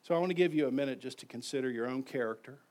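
A man preaching a sermon in a church, moving between quiet, intimate lines and emphatic ones, and inviting the congregation to respond. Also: mid-range voice, very fast. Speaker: pastor. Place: church sanctuary.

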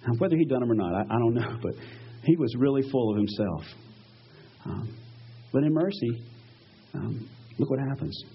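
Husky-voiced male pastor telling stories. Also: medium pitch, normal speed, pauses often, muffled recording. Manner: animated storytelling, acts out quoted voices. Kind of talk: sermon.

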